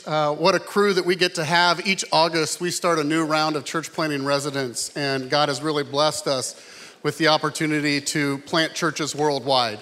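A man's voice: on the high side, fairly even intonation, normal speed, some chatter behind. A man speaking as pastor from a church stage, casual with frequent fillers, then leading a prayer. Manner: warm-hearted, casual, many fillers.

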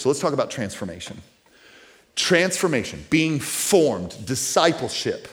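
A man in his thirties preaching a sermon as pastor, talking casually with restarts and repeated words, then rising to loud, emphatic peaks. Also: medium pitch, big pitch swings, a little slow.

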